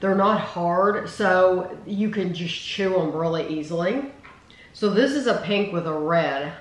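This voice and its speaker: A woman's voice: lowish voice, unhurried. A woman hosting a casual taste-test video, chatting and rambling with enthusiasm about candy flavors. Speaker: channel host. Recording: roomy with faint noise.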